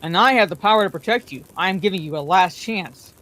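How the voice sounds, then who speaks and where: A woman's voice: on the low side, fast talker, a bit bright, lightly acted. A woman reading aloud, voicing an old male wizard who speaks sternly and with authority. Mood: weary. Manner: stern and commanding.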